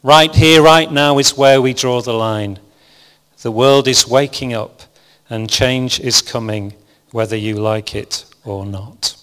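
A man voicing Jesus as a grown man sternly rebuking the powerful, slow and declaiming with a raised voice, in a hall with long reverb. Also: medium pitch, a bit bright, clear, resonant tone. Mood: impassioned.

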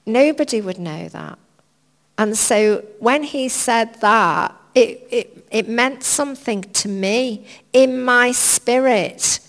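Woman preacher, informal sermon, slow and gravelly, chatty and gently humorous, long church-hall reverb. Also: a little high.

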